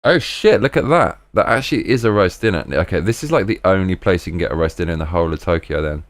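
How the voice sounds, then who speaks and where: A British man hosting a live stream in casual, rambling chat, often breaking into excited exclamations. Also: low-pitched, rapid-fire, dry recording.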